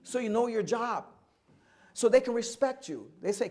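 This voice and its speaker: An older man with a notably high voice tells stories from his life at a live oral history event. He talks animatedly, slips into the voices of the people in his tales and laughs easily along the way. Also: normal speed. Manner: animated storyteller acting out other people's lines, often laughing. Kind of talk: live storytelling talk.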